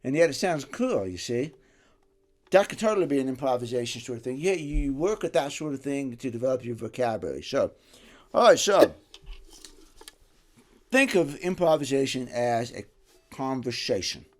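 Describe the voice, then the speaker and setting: A man giving a casual music lesson, animated and rambling, dropping to a soft voice and rising loud again as he explains. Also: medium pitch, normal speed, long pauses. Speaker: music teacher. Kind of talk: casual instructional talk.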